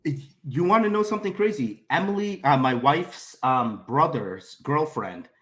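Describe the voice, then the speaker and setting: Bright-voiced man telling stories. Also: on the high side, moderate pace. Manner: animated storyteller, acts out quoted voices. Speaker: podcast co-host. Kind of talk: casual chat.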